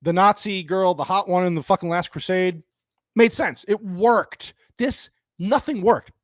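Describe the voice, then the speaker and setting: Angry sweary guy ranting live about a movie, kinda high voice, rambly, dry close sound. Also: normal speed, a bit bright, no echo. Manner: angry, profane, rambling with restarts; reads and answers chat viewers. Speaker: live stream host. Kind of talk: live-streamed movie rant.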